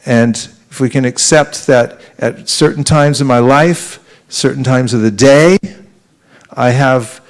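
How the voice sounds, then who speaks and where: A man, a spiritual teacher, giving an earnest, conversational devotional talk to a live audience, with pauses and restarts. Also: medium pitch.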